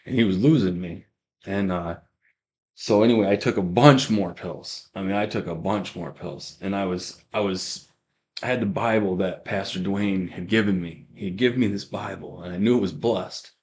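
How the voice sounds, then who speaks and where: A young man with a fairly low voice tells his story of faith for a podcast. He rambles, trips over his words and restarts sentences again and again as he goes. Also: normal speed. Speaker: guest giving a testimony. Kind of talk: personal testimony on a podcast.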